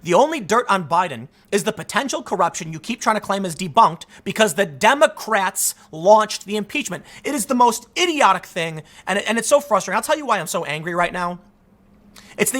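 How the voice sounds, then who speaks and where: Male commentator, bright and edgy tone, lively swooping pitch, indignant rant delivery with stumbling restarts. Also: fairly quick. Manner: emphatic and indignant, repeats words as he restarts. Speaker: political commentator, show host. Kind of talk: heated political commentary monologue.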